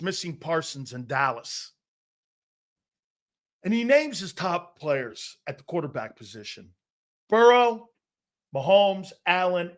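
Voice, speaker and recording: A man ranting in a heated, profane sports commentary, emphatic and fired up. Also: high voice.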